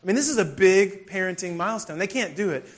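A man's voice: sits high, fast talker. A man, telling a funny story in a sermon and acting out the scenes with self-mocking humor. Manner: animated, self-deprecating, acts out scenes.

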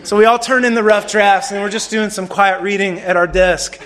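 A man preaching a sermon, telling a lively story and acting out the people in it. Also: high-pitched, moderate pace. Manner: animated storyteller, acts out quotes. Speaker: pastor.

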